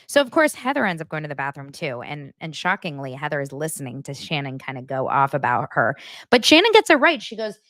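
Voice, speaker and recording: A woman's voice: mid-range voice, brisk, dry recording, studio quality. A woman hosting a chatty reality TV gossip recap, talking straight to her viewers. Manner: animated, chatty, addresses viewers directly. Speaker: host.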